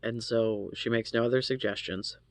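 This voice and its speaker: A man telling a personal story in a casual vlog, halting and profane, often restarting his sentences. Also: mid-range voice, fairly even intonation, no echo. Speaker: vlogger.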